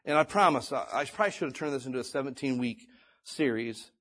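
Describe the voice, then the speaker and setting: Husky-voiced male pastor preaching. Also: medium pitch, lively intonation, fast, fairly bright tone. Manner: conversational preaching, building to emphatic exhortation. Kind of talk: sermon.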